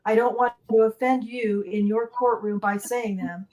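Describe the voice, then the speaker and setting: Middle-aged mother, a bit high-pitched, reads a prepared impact statement in court, grief-stricken and bitter. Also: fairly even intonation, moderate pace, a little mellow, poor audio.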